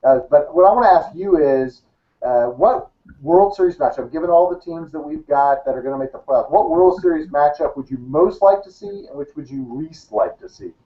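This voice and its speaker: A man hosts a casual sports panel over an online call, asking long winding questions and laughing often. His voice sits a little high, and the call audio sounds muffled and dull. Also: animated, moderate pace. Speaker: talk show host.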